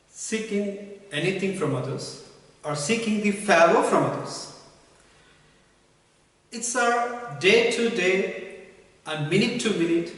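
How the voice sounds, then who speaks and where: A male teacher, his voice sitting a little high. He repeats key words and example sentences slowly, heard from some distance in a strongly echoing room with a long reverb tail. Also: a bit bright. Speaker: English teacher. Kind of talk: spoken English lesson. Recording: echoey room, voice from far off.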